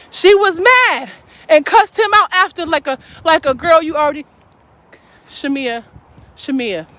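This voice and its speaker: Woman, high voice, fervent, preaching, calls out to audience, live stream talk. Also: fairly bright tone. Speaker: faith speaker.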